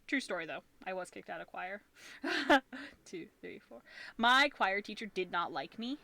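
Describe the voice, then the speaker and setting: A woman streaming from an upstairs room at home, chatting casually while she crochets and laughing often, her voice slightly husky from talking. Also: medium pitch, animated, unhurried, bright, forceful tone.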